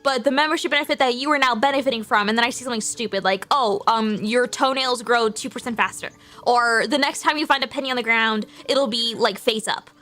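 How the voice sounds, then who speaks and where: A young woman streaming, chatting casually with her mother in an animated, giggly, rambling way. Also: on the high side, fast talker, hardly any pauses, faint music behind.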